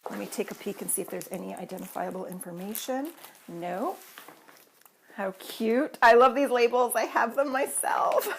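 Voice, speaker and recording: Woman vlogger from Canada, excitable and gushing, casual chat filmed at home on a tripod camera. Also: mid-range voice, a little hiss or hum.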